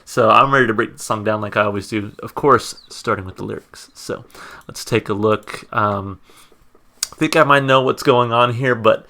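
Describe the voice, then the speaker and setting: An American man hosting a music reaction video, thinking aloud in casual commentary, reading lyrics and notes and filling pauses with "uh" and "like". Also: lowish voice, sharp tone. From United States. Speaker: music reaction channel host.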